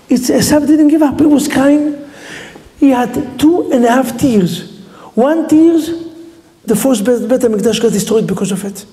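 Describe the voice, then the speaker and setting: A man's voice: very high voice, animated, normal speed, mellow. A man, a rabbi, teaching a Torah lesson in non-native English with Hebrew terms, telling the story with animation and quizzing his listeners. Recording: reverberant hall.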